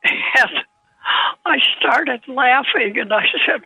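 A woman in her nineties, an author guest, telling anecdotes in a gentle, halting way with husky tone, heard over a phone line. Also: fairly high pitch, animated, no room sound. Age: 90s. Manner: slow, gentle storytelling with halting restarts.

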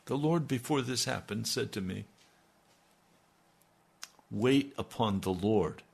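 Older male radio pastor, low-pitched and gravelly, slow earnest delivery. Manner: slow, earnest, dropping to near-murmurs. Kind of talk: radio sermon.

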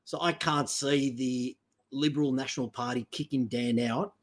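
An Australian man hosting a heated political chat, blunt and profane, with sharp leaps up in pitch when he gets emphatic. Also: fairly even intonation, moderate pace. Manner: blunt, profane, ranting with sudden high emphatic jumps.

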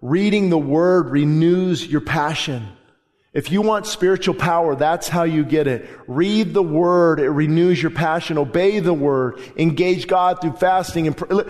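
In an unhurried, darkish voice on the high side, a pastor preaches fervently and emphatically in a church sanctuary, hammering home repeated phrases. The long reverb of a large hall surrounds him.

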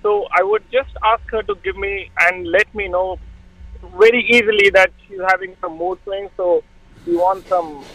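A man calling in to a radio show, hesitant and filling pauses with "uh". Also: high voice, steady tone, sharp tone, dry recording, rough recording. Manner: hesitant, lots of "uh". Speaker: caller.

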